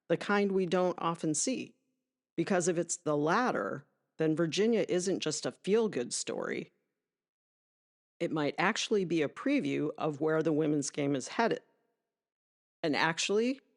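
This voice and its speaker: A woman hosting a podcast, reading a scripted sports monologue in a conversational, emphatic way with asides to the listener. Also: low voice. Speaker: podcast host.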